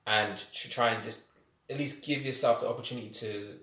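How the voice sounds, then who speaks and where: Animated man, echoey room. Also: medium pitch, a little fast. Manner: animated, laughs often, slangy storytelling. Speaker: podcast guest. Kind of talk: casual chat.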